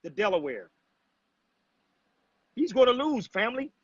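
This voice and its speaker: A man's voice: very high voice, big pitch swings, unhurried, no echo. A man hosting a casual livestream, lecturing his viewers and calling out a commenter in a preachy, confrontational way. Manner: preachy, confrontational, addresses chat as family. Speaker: livestream host. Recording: dull, muffled lo-fi livestream audio.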